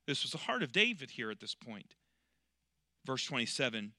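A man preaching a sermon, swinging between loud, emphatic passages and quiet, drawn-out storytelling, slowing on key words. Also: mid-range voice, animated, no echo, studio quality. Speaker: pastor.

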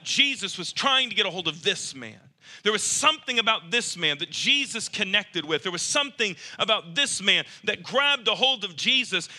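Man, preacher, sermon, high-pitched, very bright sharp tone, animated, acts out voices. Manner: animated, acts out quoted voices, rising to near shouts.

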